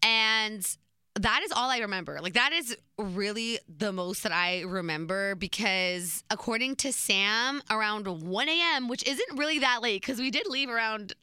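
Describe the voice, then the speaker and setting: Woman, 20s, chatty storytime voice, crisp and dry. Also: medium pitch, moderate pace, dry recording. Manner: chatty, animated, laughs between beats. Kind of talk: casual storytime.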